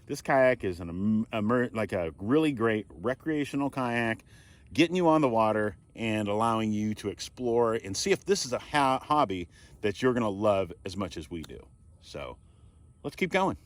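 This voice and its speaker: A man's voice: lowish voice, big pitch swings, moderate pace. Easygoing middle-aged man on a lake. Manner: easygoing, chatty, jokey. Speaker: kayak vlogger. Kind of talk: casual outdoor vlog commentary. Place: outdoors on a kayak on a lake. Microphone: action camera.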